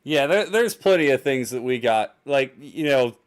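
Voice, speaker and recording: Speaking at a moderate pace with a smooth, animated mid-range voice, this young podcast co-host keeps the chat casual. He hesitates and frequently starts over, laughing readily along the way.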